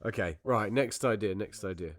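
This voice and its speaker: A man's voice: lowish voice, moderate pace, dry recording, studio quality. A man co-hosting a podcast in a casual comedy chat, laughing often and swearing freely as he riffs on silly ideas. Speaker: podcast co-host.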